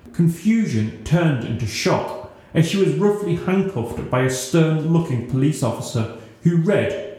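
A man narrating a scripted story in a steady, newsreader-like reading, in a very echoey room. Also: a little high.

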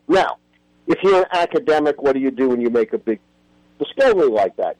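A man's voice: mid-range voice, mellow, no echo, rough recording. An older man, a history professor, telling stories with animation and emphasis as a guest in a radio interview.

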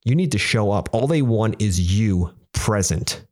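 A man's voice: lowish voice, animated, measured pace, a little mellow. A man hosting a casual podcast, earnestly coaching listeners and talking straight to them. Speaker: podcast host.

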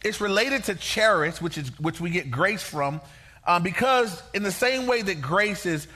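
A man preaching a sermon as pastor, in a lively, folksy, conversational way. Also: high-pitched, moderate pace.

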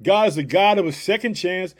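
A man's voice: sits high, fairly quick. A man preaching a devotional podcast sermon, fired up and emphatic, leaning on repeated catchphrases.

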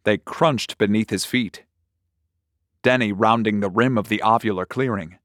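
A man narrating a short story in a slow, measured, deliberate reading. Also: lowish voice, a bit bright, no room sound, clean studio sound.

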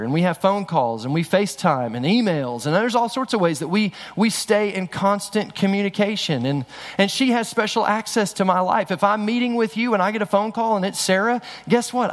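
A middle-aged man preaching a sermon in a church, talking conversationally with frequent restarts. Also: high voice. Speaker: pastor. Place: church sanctuary. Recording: long hall reverb.

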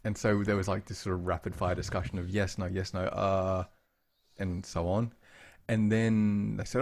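A man's voice: low voice, moderate pace. A man co-hosting a podcast in casual chat, telling family stories and acting out the people he quotes. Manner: animated storytelling, acting out quoted voices. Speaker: podcast co-host.

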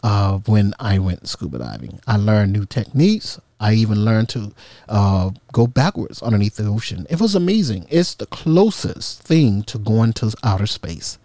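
A man tells a funny story from his own life in a casual, lively way, his voice leaping around in pitch. His tone is mellow and dark. The room is dry, with no echo. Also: moderate pace. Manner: animated, humorous, acts out quoted voices.

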